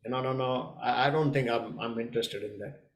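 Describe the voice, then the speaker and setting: A man voicing a calm, patient male swan in a spoken fable. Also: mid-range voice, roomy sound, natural voice. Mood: modest. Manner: unhurried, modest.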